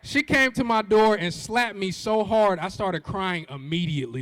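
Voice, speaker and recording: A man speaks from a large auditorium stage, telling a comic story and acting out every voice. His pitch is high for a man and swings widely, and a long hall reverb trails his words. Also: normal speed. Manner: animated, acts out quoted voices. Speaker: keynote speaker. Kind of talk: comedic storytelling keynote.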